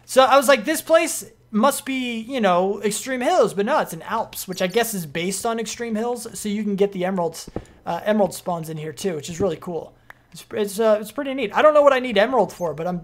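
Young adult streamer, casual gameplay commentary, rambling, excitable, mid-pitched voice. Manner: rambling, excitable, frequent fillers.

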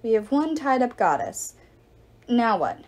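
A woman's voice: on the high side, very animated, unhurried. A woman reading aloud and voicing a determined, earnest teenage girl. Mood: firm. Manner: firm, earnest.

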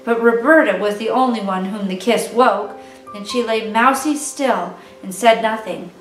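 A woman narrating a children's book aloud in a gentle, clear reading voice. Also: a little high, normal speed. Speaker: storyteller. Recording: echoey room, distant mic, faint music.

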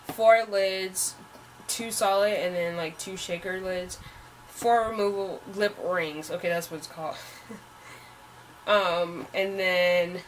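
A woman's voice: mid-range voice, a bit bright, a little hiss or hum. A young American woman rambling through a shopping haul in a casual vlog, with lots of "like" fillers. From United States. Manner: rambling, says "like" a lot. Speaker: haul vlogger.

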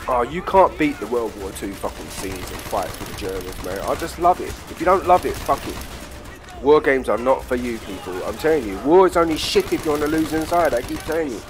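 A British man giving crude, excitable let's play commentary while trash-talking enemies in a war game. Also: medium pitch, fairly quick, background noise. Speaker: gamer. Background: game music and gunfire.

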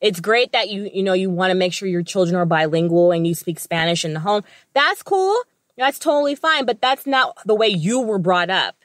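A woman's voice: medium pitch, lively intonation, moderate pace, no echo, studio quality. An American woman co-hosting a podcast, chatty and opinionated, with casual swearing. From United States. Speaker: podcast co-host. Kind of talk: casual chat.

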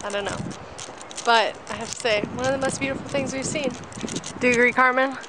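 A woman's voice: sits high, fairly even intonation, a little fast, heavy background noise. Chatty young woman vlogging outdoors, breathless. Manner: chatty, frank, laughs often, lots of "like". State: out of breath after a hike. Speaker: travel vlogger. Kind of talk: casual travel vlog. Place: outdoors in a national park.

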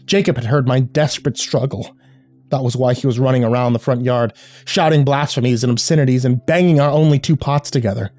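A man telling a first-person horror story as scripted narration, grim and measured. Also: medium pitch, steady tone, a little mellow, dry recording.

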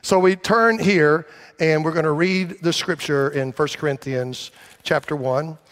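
A man's voice: fairly high pitch, a little slow, a bit bright. A man preaching a sermon to his church, rambling and self-deprecating, then rising to emphatic calls for a response. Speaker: pastor. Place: church sanctuary.

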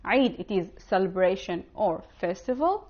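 A woman teaching an online language lesson, spelling out words slowly and carefully. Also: mid-range voice, expressive, darkish tone, highs cut off. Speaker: Arabic teacher.

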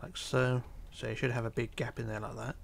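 A tired man narrating a building tutorial, counting quietly under his breath as he works. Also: mid-range voice, a little fast, gravelly, slight background noise. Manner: relaxed, counting blocks under his breath, drops to near whisper. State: tired, yawning. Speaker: tutorial host. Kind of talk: casual game tutorial narration.

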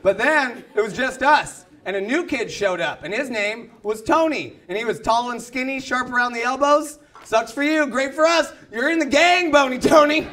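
A young man doing a stand-up comedy set, telling self-mocking stories and shouting out punchlines. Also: extremely high pitch, normal speed, hardly any pauses, slight background noise. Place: comedy club with a live audience. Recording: live club recording with crowd. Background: audience laughter.

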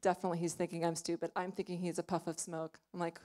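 A woman's voice: fairly low pitch, flat delivery, quick pace, dark tone. Young woman, live stage storyteller, loose self-deprecating patter. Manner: chatty, self-mocking, full of "like" and "you know". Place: small club stage before an audience.

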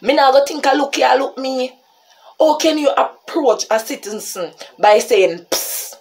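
Unhurried and pitched high, this woman tells a story for her vlog in a Jamaican accent. She speaks animatedly and repeatedly calls her audience "people."

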